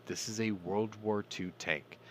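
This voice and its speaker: A man's voice: on the low side, fairly even intonation, a little slow, a little hiss or hum. A man hosting a casual news commentary podcast, irreverent and swearing, with ranting asides. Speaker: podcast host.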